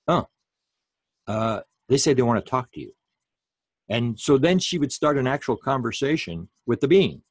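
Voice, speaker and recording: Male lecturer for an online talk, lowish pitch, dry recording, unhurried delivery full of fillers. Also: breathy edge, dry recording. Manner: unhurried, with many fillers and restarts.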